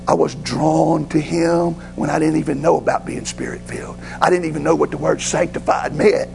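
A pastor tells a personal story in a sermon, folksy and excitable. His voice sits fairly high and is heavily gravelly. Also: fairly quick, hardly any pauses, music in the background, poor audio.

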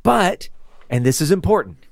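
Man, bible teacher, casual chat, lively swooping pitch, dry close sound, laughs easily. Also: normal speed, creaky, no room sound. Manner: animated, chatty, laughs often. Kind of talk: casual Bible study talk.

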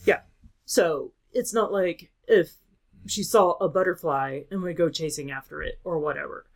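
A woman's voice: on the low side, moderate pace. A woman co-hosting a casual chat, ranting and swearing freely as she tells a story.

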